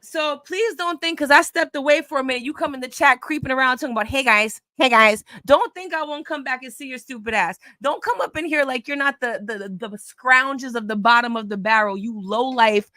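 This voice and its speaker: A woman's voice: high voice, a little fast, few pauses, pushed and bright, no room sound. A woman hosting a casual online chat, telling a story in a blunt, mocking way. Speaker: host.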